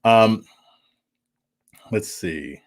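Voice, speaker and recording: A man's voice: fairly low pitch, animated, extremely slow. A man hosting a political commentary livestream, reading viewer comments in a casual, chuckling way and often stumbling over and repeating words. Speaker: political commentary show host.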